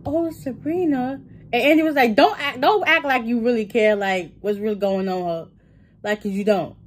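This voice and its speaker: A woman's voice: medium pitch, a little hiss or hum. A woman vlogger casually recapping a TV episode, acting out the characters' lines with laughs and fillers.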